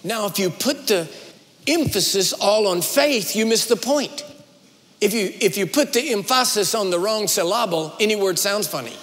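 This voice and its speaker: A man with a notably high-pitched voice delivers a sermon, pressing into emphatic, rising runs and then slowing down to let points land. His voice carries through a large hall with a long, lingering reverb. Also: lively intonation. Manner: dramatic preaching with rising emphatic runs and slowed pauses. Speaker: guest preacher.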